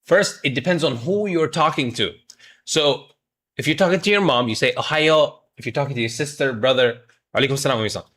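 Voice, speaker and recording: Bright-voiced man, jokey streaming lesson. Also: mid-range voice, a little fast. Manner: jokey, mock-scolds chat, drills pronunciation. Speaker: streamer teaching Japanese. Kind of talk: playful livestream lesson.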